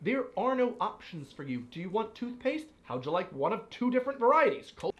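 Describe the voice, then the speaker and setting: A man in his twenties chats about life abroad with a fairly high voice. He tells his stories animatedly, with a playful, exasperated edge. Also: very animated, fairly quick, lo-fi sound. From United States. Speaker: vlogger. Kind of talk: casual commentary.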